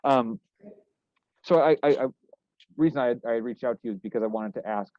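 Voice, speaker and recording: A young man working as a news reporter, asking questions in a casual, halting way with many restarts. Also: mid-range voice, dry recording. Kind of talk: casual interview. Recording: dry, tinny phone-like line.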